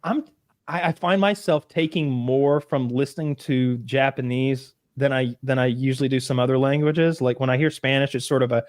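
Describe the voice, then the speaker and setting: A man co-hosting a casual podcast chat, telling stories with animated bursts and acted-out quotes. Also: medium pitch, moderate pace, dry recording, studio quality. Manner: animated storytelling, acts out quotes in loud bursts. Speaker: podcast co-host.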